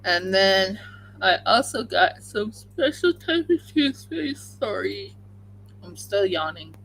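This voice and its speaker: Slow, gravelly-voiced woman chatting. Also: medium pitch, big pitch swings, fairly bright tone, poor audio. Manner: rambling, chatty, with many fillers. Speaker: crafting livestream host. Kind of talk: casual chat while crocheting.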